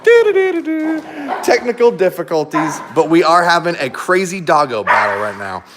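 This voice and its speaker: A man's voice: fairly high pitch, moderate pace, noisy background. A man hosting a casual live stream from home, chatting to viewers, laughing often and breaking off to coax his dogs.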